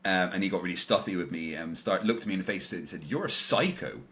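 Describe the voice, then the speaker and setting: A man's voice: low voice, quick pace, sharp tone. A man, a podcast guest casually retelling a confrontation, acting out the dialogue with lots of ums and restarts. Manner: retells encounters with quoted dialogue, many fillers and restarts. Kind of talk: casual storytelling in an interview.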